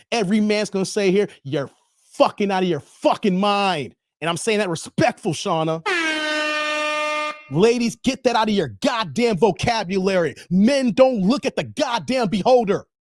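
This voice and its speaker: A man hosting his channel, giving passionate, profane, lecturing commentary on a livestream, swinging between loud bursts and muttered asides. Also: high voice, no echo, clean studio sound. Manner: repeats the filler "here", swings between loud and quiet. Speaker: channel host reacting to a livestream.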